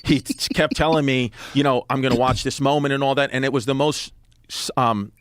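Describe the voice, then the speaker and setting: A man in his thirties from New York, a comedian guest on a podcast telling a story in casual chat, acting out the quoted lines in a lowered voice. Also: fairly even intonation, a little fast, dry recording, clean studio sound. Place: podcast studio.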